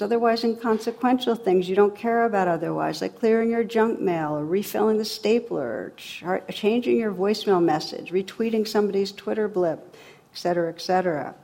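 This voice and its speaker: A woman giving a reflective talk on meditation in a relaxed, conversational way, with dry sarcasm and frequent laughs. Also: medium pitch, a little fast, gravelly.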